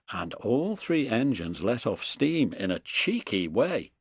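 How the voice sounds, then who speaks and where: A man narrating a children's storybook in a measured storytelling voice. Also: fairly low pitch, very animated, husky, no echo.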